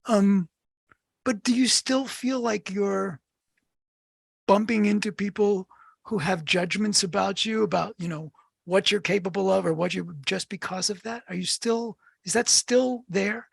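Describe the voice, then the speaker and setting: Gravelly, husky woman host. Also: mid-range voice, measured pace, no echo, clean studio sound. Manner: earnest, thoughtful questioning. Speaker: podcast host. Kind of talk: casual interview chat.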